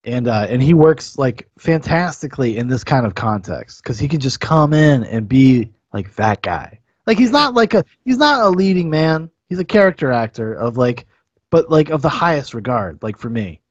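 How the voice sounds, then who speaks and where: A man who is a guest on a podcast, chatting casually and enthusiastically about films, profane and quick to laugh. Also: medium pitch, very animated, dry recording, dull audio. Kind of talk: casual film review chat.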